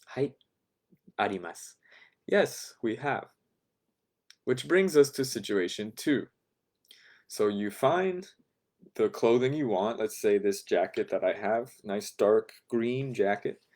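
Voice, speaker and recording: A man teaching a beginner language class, calmly repeating phrases for learners to follow. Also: lowish voice, slow pace.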